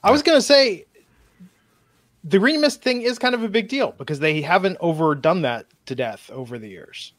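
Co-host, slightly high male voice, relaxed joker. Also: moderate pace. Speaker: podcast co-host. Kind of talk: casual chat.

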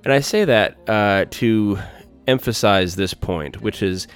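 Low-voiced enthusiastic male podcast host. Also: unhurried, clear, resonant tone, soft background music. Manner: enthusiastic, speaks in superlatives. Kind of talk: solo music podcast monologue.

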